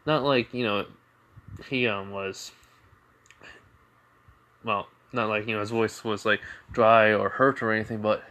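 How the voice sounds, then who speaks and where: A man's voice: lowish voice, steady tone, unhurried, pauses often, sharp tone. A man improvising fan-fiction narration, rambling with frequent restarts and fillers. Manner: rambling, full of "you know" and restarts. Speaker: storyteller.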